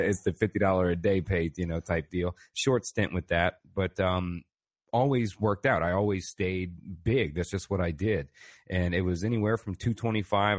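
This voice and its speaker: A man with a very low voice is chatting as a podcast guest. He rambles casually, swears freely and laughs often. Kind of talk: casual conversation.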